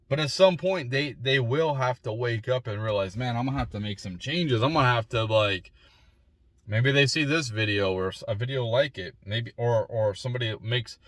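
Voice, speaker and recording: A man's voice: mid-range voice, a bit bright, dry recording. A man in his forties giving a rambling, opinionated solo monologue with frequent restarts and repeated words. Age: 40s. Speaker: vlogger.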